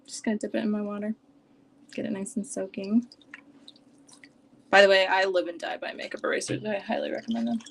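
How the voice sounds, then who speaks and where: A young woman chatting on a casual live stream from home, rambling with lots of "like" and sometimes dropping to a soft near-whisper. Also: mid-range voice, level tone, a little fast, gravelly, long pauses, slight background noise. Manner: chatty and rambling, heavy use of "like". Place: home, at her desk with her dog nearby.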